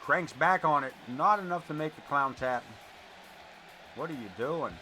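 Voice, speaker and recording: A man's voice: fairly high pitch, unhurried, pushed and bright, soft background music. A man calling wrestling play-by-play live and breaking into blunt, profane, chatty stories. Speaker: wrestling commentator. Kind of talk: live play-by-play commentary mixed with casual chat.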